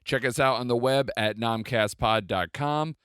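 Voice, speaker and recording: A man reading a podcast promo spot, upbeat and pitchy. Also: normal speed, fairly bright tone, clean tone, no room sound, studio quality.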